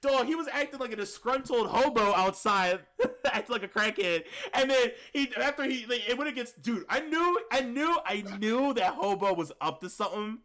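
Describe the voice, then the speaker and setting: A young man talks through a film with a co-host in loose, slangy bursts, leaning on "like" and restarting his sentences as he gets excited. His voice sits high and swings widely in pitch. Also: normal speed. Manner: rambling, heavy use of "like", slangy, excitable. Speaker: podcast co-host reviewing a film. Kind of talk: casual chat.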